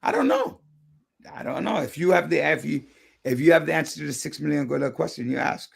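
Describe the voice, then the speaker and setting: A man's voice: fairly high pitch, big pitch swings, a little fast, creaky, slightly rough. A man hosting a radio talk show in a studio, chatting casually and airing his opinions as he thinks aloud.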